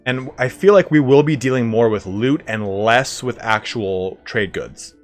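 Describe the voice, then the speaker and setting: A man casually commenting on a game he plays live, chatting with viewers and breaking into excited reactions. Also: medium pitch, unhurried, soft background music. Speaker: game streamer.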